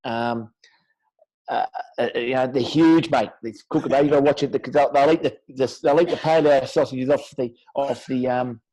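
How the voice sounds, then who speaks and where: A man's voice: medium pitch, steady tone, moderate pace, mellow, low-quality recording. A man with an Australian accent, a podcast guest in laid-back, rambling, earnest chat. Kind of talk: casual chat.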